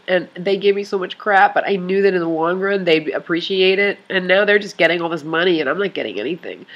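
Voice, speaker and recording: A woman talking to her online club in an emotional confessional vlog, tearful and crying, rambling and halting with many sighs. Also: on the low side, fairly bright tone.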